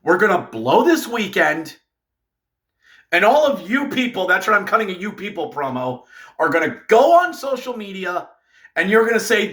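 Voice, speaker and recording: A man ranting through a fan recap of a hockey game, exasperated and sarcastic, breaking into shouts. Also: high-pitched, very animated, moderate pace.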